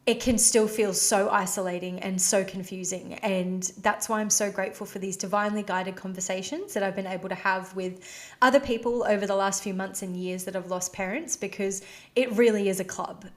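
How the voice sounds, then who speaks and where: A woman's voice: mid-range voice, fairly even intonation, fairly quick. A woman hosting her own podcast, talking candidly and emotionally in a casual, heartfelt way, with "you know" and "like" scattered through her speech. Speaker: podcast host. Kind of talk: personal confessional podcast talk.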